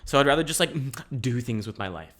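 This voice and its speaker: Rambling, energetic young man. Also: medium pitch, fast. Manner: rambling and energetic, laughs often. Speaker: podcast host. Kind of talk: casual solo chat.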